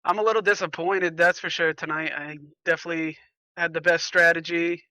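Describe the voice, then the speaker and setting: Male driver, flat delivery, very bright tone, dry close mic. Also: fairly high pitch, fairly quick, smooth, no room sound, poor audio. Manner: frustrated, explanatory, steady. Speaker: race driver. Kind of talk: post-race interview.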